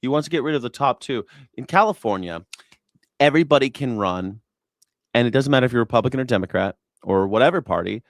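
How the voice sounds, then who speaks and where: A man's voice: mid-range voice, expressive, fast, no echo, clean studio sound. A man hosting a news reaction show, talking in a profane, sarcastic, rambling way. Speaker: host.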